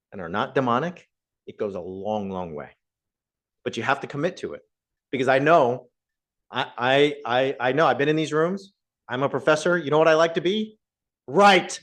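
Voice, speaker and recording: A man's voice: mid-range voice, a bit bright. Conversational male professor addressing an audience. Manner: conversational, asks the audience questions. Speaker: guest speaker, professor. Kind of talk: public talk to a live audience.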